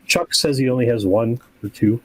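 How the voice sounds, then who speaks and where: A man who runs tabletop games, talking casually on a podcast in a relaxed, rambling way and acting out examples. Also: mid-range voice, moderate pace, slight background noise, poor audio. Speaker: game master.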